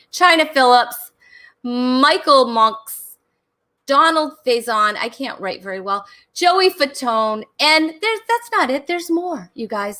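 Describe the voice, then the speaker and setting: A woman's voice: sits high, sharp tone. A woman hosting a live online comedy talk show, bubbly and chatty, giggling and restarting her sentences as she goes. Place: home in Rhode Island during a thunderstorm.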